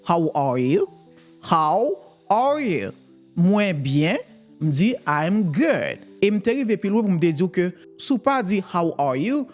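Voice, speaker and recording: Teacher, bouncy animated pitch, explains in then says the english slow, soft music behind. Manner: explains in Creole, models English phrases slowly. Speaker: language teacher. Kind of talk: bilingual language lesson.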